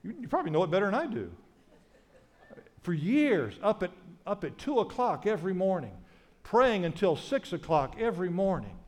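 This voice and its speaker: Middle-aged male pastor, high-pitched, emphatic repetitive preaching. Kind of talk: sermon.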